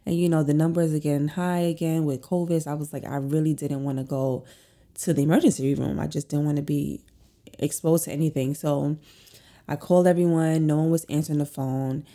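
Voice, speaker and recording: A woman's voice: low voice, steady tone, fairly quick, mellow. A young woman tells a personal story in a chatty, rambling way, full of "like" and "um". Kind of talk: casual storytelling.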